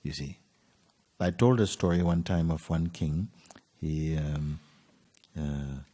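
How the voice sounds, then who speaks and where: Husky deep-voiced male teacher, unhurried storyteller. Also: long reverb tail. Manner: unhurried, with soft asides and light laughs. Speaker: spiritual teacher. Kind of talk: storytelling talk.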